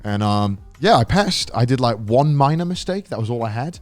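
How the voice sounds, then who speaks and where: A young man tells a story on a podcast, casual and animated. He swears freely and acts out what other people said. His pitch swings widely, and the sound is dry, with no room echo. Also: moderate pace, faint music behind. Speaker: podcast co-host.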